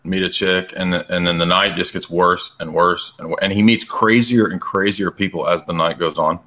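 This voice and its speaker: Man, very low voice, casual chat, halting, searching for words. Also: fairly even intonation, bright, forceful tone. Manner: halting, gropes for names. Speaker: film analyst guest.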